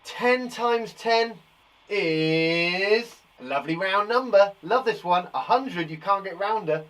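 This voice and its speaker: A man's voice: sits high, takes it slowly, a bit bright. Upbeat man teaching kids maths. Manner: encouraging, reassuring, thinks aloud while counting. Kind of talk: live maths lesson for young children.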